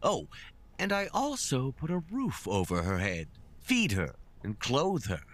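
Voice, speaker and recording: An actor playing a scheming, menacing crime-boss father in a video game, speaking smugly and deliberately. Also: medium pitch, huge pitch swings, a bit bright, heavily acted. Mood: condescending. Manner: smug, menacing, slow deliberate delivery.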